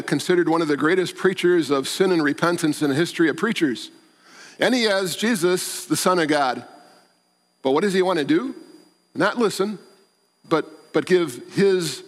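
A man preaching a sermon as pastor, earnest and pleading, repeating words for emphasis. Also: on the high side. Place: church. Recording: long church reverb.

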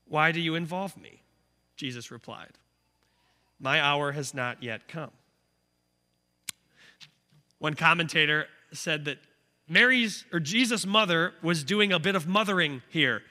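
A man's voice: a little high, moderate pace, sharp tone. A man in his thirties preaching a sermon as a pastor, conversational and earnest, often checking in with "right?". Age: 30s. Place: church sanctuary. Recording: echoey church hall.

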